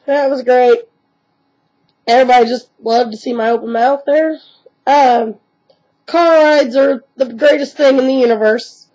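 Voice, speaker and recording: A young woman from the United States chatting casually to her webcam at home about her pet dogs, rambling and now and then slipping into squeaky baby talk. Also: measured pace, dark tone, poor audio. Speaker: pet owner vlogger. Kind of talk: casual chat to camera.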